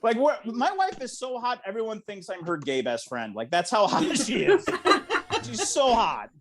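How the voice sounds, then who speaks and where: A man's voice: high-pitched, normal speed, crowd noise. A man performing a stand-up comedy set over a video call, acting out the voices of other people. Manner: animated, acts out voices of others.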